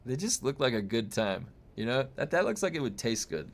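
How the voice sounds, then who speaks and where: A young American man chats casually with his stream viewers, reading their comments in a mid-range, sing-song voice at a fairly quick pace. His talk rambles, full of fillers and restarts.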